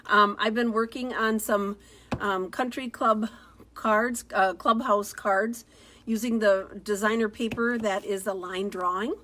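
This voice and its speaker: A woman's voice: medium pitch, steady tone, a little slow, fairly bright tone, slight background noise. Chatty middle-aged lady doing a live craft demo on her phone, upbeat and friendly. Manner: chatty, upbeat, greets viewers by name. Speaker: card-making demonstrator.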